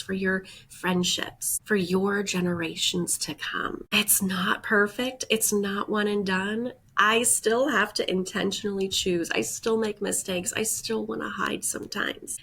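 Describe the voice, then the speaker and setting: Congested, husky woman podcast host. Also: mid-range voice, fairly even intonation, a little slow, hardly any pauses, fairly bright tone. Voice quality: breathes audibly with heavy sighs. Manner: earnest, encouraging, often adds "right?" and "like". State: congested from a head cold. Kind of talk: reflective self-help monologue.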